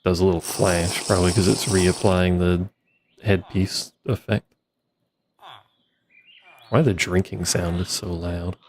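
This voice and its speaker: Male streamer, lowish voice, easygoing rambling play-by-play, wry humor, desk mic. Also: little pitch movement, unhurried, pauses often, background noise. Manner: laid-back, rambling, wry asides to himself. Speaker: streamer playing a modded block-building game. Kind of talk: casual gameplay commentary.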